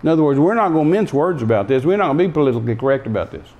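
A man preaches a sermon very fast with an animated, slightly high voice, though the recording is muffled. He is emphatic, repeating key phrases and acting out the voices of the story's speakers.

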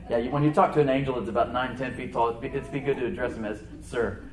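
A male pastor preaching a sermon in church, animated, slowing down to stress words and acting out the voices he quotes. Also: medium pitch. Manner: animated preaching, slows for emphasis, acts out quoted voices and laughs.

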